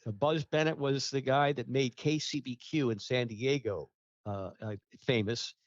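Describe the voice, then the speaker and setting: A man's voice: mid-range voice, a little slow, no echo. Man with a dull, dry recorded voice. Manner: rambling, full of fillers and restarts. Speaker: guest, radio ratings researcher. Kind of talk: casual interview talk.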